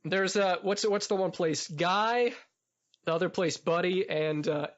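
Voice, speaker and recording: A man's voice: high voice, steady tone, normal speed. A man chatting casually as a podcast guest, rambling and laughing often. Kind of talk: casual chat. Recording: dull lo-fi podcast audio.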